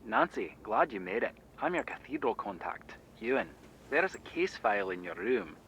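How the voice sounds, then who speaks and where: A curt spy handler from a video game, handing out orders in short, clipped lines. His voice has a gravelly edge, and his pitch rises and falls a lot even when he is brisk. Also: a little hiss or hum, low-quality recording. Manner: clipped, businesslike instructions. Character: terse male spy handler giving orders.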